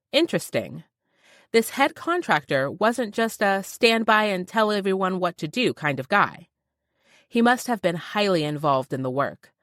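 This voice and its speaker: Animated woman narrating a romance audiobook. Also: deep voice, no echo, studio quality. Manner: expressive, wry and animated.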